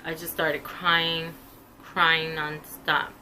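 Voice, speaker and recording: A woman's voice: sits low, flat delivery, extremely slow, bright, forceful tone, slight background noise, low-quality recording. A woman vlogger telling a painful personal story in an earnest, emotional way. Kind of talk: personal testimony.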